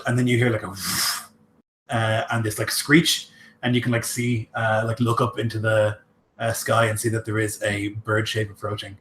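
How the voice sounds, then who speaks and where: A man's voice: lowish voice, flat delivery, normal speed, fairly bright tone, roomy sound, a little hiss or hum. A man running a tabletop game as game master, narrating loosely with many fillers.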